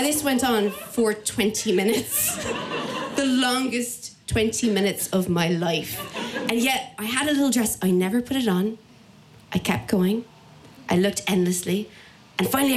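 An Irish woman telling a comic personal story live, animated and acting out the voices of the people in it. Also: on the high side, moderate pace, noisy background. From Ireland.

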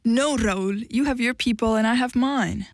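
A woman's voice: on the high side, moderate pace, dry recording, studio quality, close to an everyday voice. A woman reading a blunt, defiant young woman. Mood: cutting. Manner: blunt, cutting delivery. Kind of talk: audiobook character voice.

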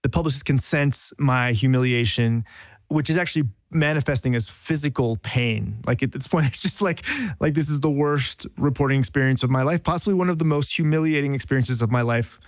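A man's voice: medium pitch, fairly quick, dry recording, studio quality. A man, a journalist, telling a self-deprecating story on a podcast in a rambling, casual way with frequent restarts.

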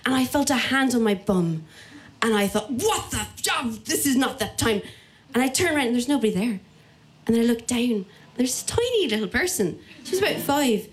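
Irish woman storyteller, lively, acts out the people she quotes, higher voice. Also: normal speed. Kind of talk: personal story told to an audience.

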